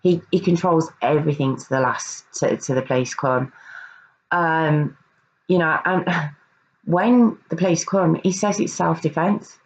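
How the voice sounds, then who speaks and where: A woman's voice: sits low, unhurried, lo-fi sound. A woman earnestly recounting a true crime case in a casual review, often hesitating and repeating words.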